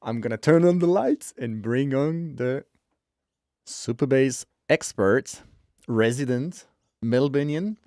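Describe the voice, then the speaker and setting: A man's voice: medium pitch, a little slow, dry recording. A man hosts a live podcast stream in an easygoing, joking way, narrating whatever he is doing. His voice sits mid-range and is heard close and dry. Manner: joking, chatty, thinks out loud. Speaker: podcast host. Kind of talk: casual live-stream chat.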